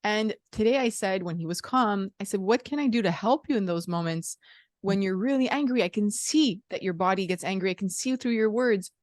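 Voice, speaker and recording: A woman's voice: mid-range voice, fairly quick, no room sound. Earnest woman podcast host, dry sound. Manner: earnest, reflective and conversational. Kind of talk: casual interview chat.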